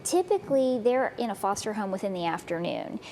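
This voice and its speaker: A woman's voice: mid-range voice, very animated, fairly quick, warm tone, slight background noise. A woman representing an animal shelter, chatting on a local TV news segment in an upbeat, rambling way with lots of "um" and "you know". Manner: chatty, upbeat, frequent ums and you-knows. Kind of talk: casual TV interview chat.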